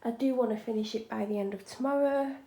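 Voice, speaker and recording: Gravelly-voiced woman vlogging. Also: fairly high pitch, fast. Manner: chatty, frank, drops into soft whispered asides. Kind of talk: casual home vlog chat. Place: room at home being decorated.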